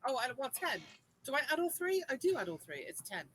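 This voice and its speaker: A man's voice: very high-pitched, sing-song, a loud crowd, low-quality recording. A man playing a tabletop role-playing game, joking and laughing as he talks. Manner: joking, laughs often, slow drawl.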